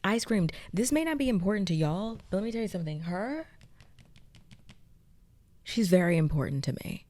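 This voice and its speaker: A young woman casually recapping and reviewing a TV episode, excitable and chatty with many fillers. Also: mid-range voice, normal speed, pauses often. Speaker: pop culture video essayist.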